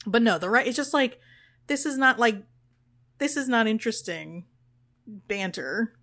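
A woman's voice: on the high side, expressive, unhurried, a bit bright. Chatty, sarcastic woman recapping a show. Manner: chatty, sarcastic, swears freely, acts out characters' lines. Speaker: podcast co-host. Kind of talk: casual recap chat.

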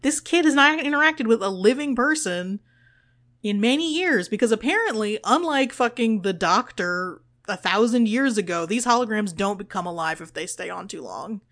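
A woman's voice: medium pitch, lively intonation, moderate pace, fairly bright tone. A woman co-hosting a podcast, recapping an episode in casual chat, sarcastic and swearing freely, acting out the characters' lines. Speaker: podcast co-host.

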